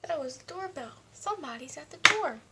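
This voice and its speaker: A woman's voice: sits high, expressive, a little fast, heavy background noise. A woman talking casually through a makeup tutorial at home, chatting to herself as she works. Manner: chatty, talks to herself while applying makeup. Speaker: beauty vlogger. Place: home, indoors.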